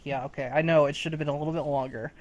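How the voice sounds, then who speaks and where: A man's voice: fairly high pitch, fairly even intonation, rapid-fire, highs cut off. Rambling young male podcast host. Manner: rambling, repeats words. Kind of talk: casual chat.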